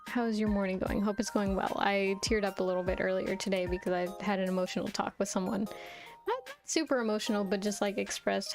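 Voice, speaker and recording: Chatty woman streamer with vocal fry. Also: medium pitch, steady tone, fast, darkish tone. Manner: chatty and rambling, often laughing. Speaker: VTuber streamer. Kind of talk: casual chat while playing a video game. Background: faint game music.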